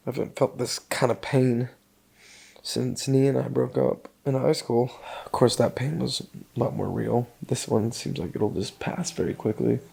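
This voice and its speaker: A man's voice: mid-range voice, creaky, dark tone, slightly rough. A middle-aged man vlogging on his last day at his cabin, choked up and sighing as he talks to himself. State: tearful. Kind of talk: emotional personal vlog.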